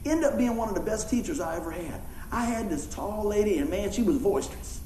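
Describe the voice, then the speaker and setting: Man, preaching, folksy and animated, fairly high voice, roomy echo. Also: fairly quick, slight background noise. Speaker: pastor. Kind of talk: sermon with storytelling.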